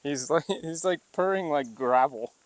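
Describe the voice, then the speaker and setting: A man vlogging on a walk, speaking casually and cooing at cats in a high baby voice between laughs. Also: measured pace, dry recording. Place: outdoors in a small town street.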